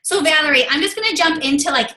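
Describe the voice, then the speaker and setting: A woman's voice: high voice, quick pace, bright, forceful tone, reverberant, rough recording. A woman hosting a team video call, gushing and effusive with lots of fillers.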